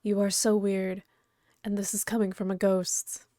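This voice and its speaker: A woman voicing a calm ghost girl who is part frog, speaking flat and quiet while reading a webcomic aloud. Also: mid-range voice, measured pace, no echo, studio quality, lightly acted. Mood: deadpan.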